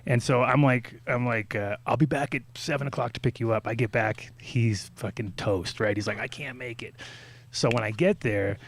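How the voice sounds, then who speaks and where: In a casual talk-show conversation, a man spins a long, rambling story, swearing freely and putting on little voices for the people he quotes. He speaks at an ordinary middle pitch with fairly even intonation and a moderate pace.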